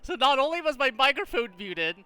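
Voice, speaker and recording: Casting: male game streamer, high clear voice, ranting and swearing in casual chat. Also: brisk, dry recording, soft background music. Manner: animated, exasperated, swears often. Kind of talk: casual livestream chat while gaming.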